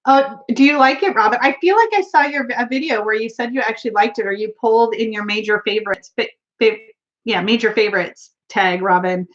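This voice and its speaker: A woman's voice: on the high side, brisk, highs cut off. A woman hosting a casual tarot live stream, chatty and giggly, reading out viewer comments, with a runny nose. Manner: giggly, chatty, laughs often. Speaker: tarot livestream host.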